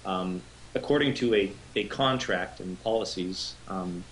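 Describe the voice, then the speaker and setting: A man's voice: sits low, a little slow, a little hiss or hum, low-quality recording. A man co-hosting a casual live stream, telling a long rambling story and swearing freely. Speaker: co-host.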